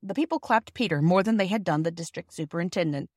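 A woman reading a classic children's novel aloud in a gentle storytelling manner. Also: lowish voice, fast, no echo, studio quality. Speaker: audiobook reader. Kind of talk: scripted narration.

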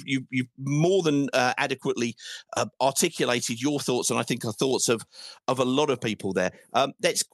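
A man hosting a football fan call-in, ranting in frustration with swearing and halting restarts. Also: medium pitch, fairly bright tone, no echo, clean studio sound. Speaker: host of a fan phone-in. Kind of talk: casual football fan rant.

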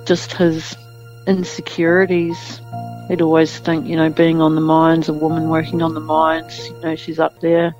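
A woman with an Australian accent giving a halting personal account in a news interview. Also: low voice, monotone, darkish tone. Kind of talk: personal testimony. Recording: dull lo-fi sound with music bed.

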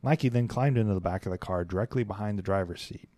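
A young podcast host with a fairly low voice reads a historical account aloud quickly and steadily, breaking off for chatty, laughing asides. The recording is dry.

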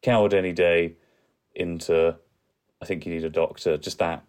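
A man co-hosting a podcast, chatting in a relaxed, easygoing way. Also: sits low, moderate pace, clear, resonant tone. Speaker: podcast co-host. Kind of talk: casual chat.

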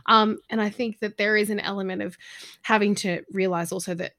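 A woman guest on a podcast, bubbly and animated, acting out little quoted exchanges as she talks. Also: medium pitch, a little fast. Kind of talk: conversational interview.

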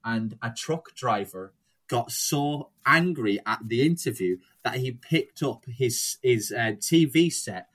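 A young man tells a rambling anecdote in casual chat, swearing freely and slipping into the voices of the people in the story. His voice sits at an ordinary middle pitch. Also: lively intonation, takes it slowly, fairly bright tone, breathy edge.

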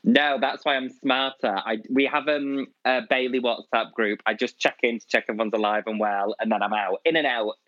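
A man's voice: mid-range voice, fairly even intonation, normal speed, hardly any pauses, highs cut off. A man co-hosting a podcast, camp and teasing in casual banter. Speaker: podcast co-host. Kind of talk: casual chat.

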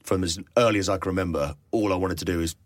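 Fast-talking man, jokey storyteller. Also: deep voice, dry recording. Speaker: radio presenter guest. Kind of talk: casual interview chat. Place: London.

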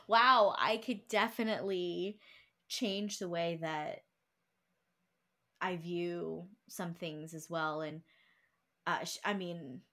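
A young woman hosting a book club chat, reading quotes aloud, laughing and getting emotional as she talks. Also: lowish voice. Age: young adult. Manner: emotional, warm-hearted, laughs often, reads quotes aloud. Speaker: book club podcast host. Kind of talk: casual chat.

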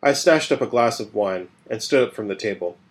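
A man's voice: on the low side, expressive, a little fast. Man narrating first-person audio fiction. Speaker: narrator and podcast host.

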